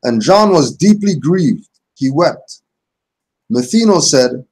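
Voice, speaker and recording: A man's voice: on the high side, expressive, takes it slowly, a little mellow, husky. A man giving a casual religious teaching, reading passages aloud and then explaining them in everyday speech. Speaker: spiritual teacher.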